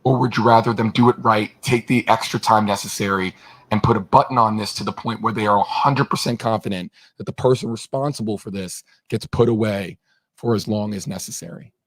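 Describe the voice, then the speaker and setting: A man with a fairly low voice gives an earnest press statement. He speaks off the cuff and repeats himself now and then as he asks for patience. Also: a little fast, fairly bright tone.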